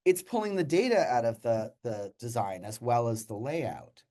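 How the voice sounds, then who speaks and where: In a casual tech demo, a man co-hosting explains a coding assistant in a friendly, explanatory way and laughs readily. He has a mid-range, expressive voice with a dark tone, speaking at normal speed.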